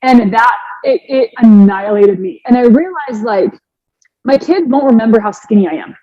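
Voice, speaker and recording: A woman in her forties, a fitness coach, telling her personal story in an earnest, animated way with many restarts. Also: mid-range voice, moderate pace. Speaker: fitness coach and podcast guest. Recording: dry, slightly dull sound.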